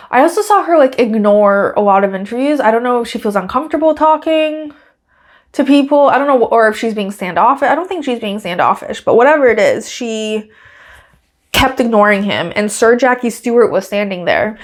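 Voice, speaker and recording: A woman with a fairly high voice hosts a casual solo podcast. She chats and giggles through her recap and acts out other people's quotes in raised, lively voices. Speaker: podcast host.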